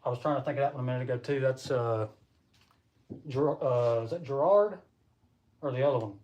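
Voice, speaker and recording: A man's voice: medium pitch, fairly quick, a little mellow, highs cut off. A man hosting a casual live stream, rambling and chatting with viewers as he reads their comments. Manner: rambling, chatty, laughs often; talks to viewers while reading comments. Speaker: livestream host.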